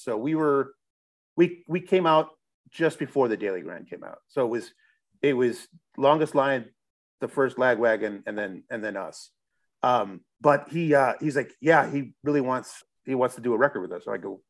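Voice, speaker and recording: In an easygoing interview, a middle-aged musician from Chicago spins a lengthy, rambling tale in an expressive mid-range voice at a moderate pace. He often starts sentences over and drops the occasional curse.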